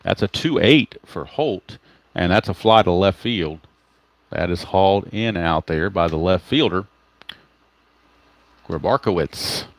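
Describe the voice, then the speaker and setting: Low-voiced man calling dice-rolled baseball. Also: measured pace, long pauses, no echo. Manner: relaxed, explains dice rolls and player cards as he plays; greets live chat viewers mid-game. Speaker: tabletop baseball game host. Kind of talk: livestreamed play-by-play of a dice baseball game.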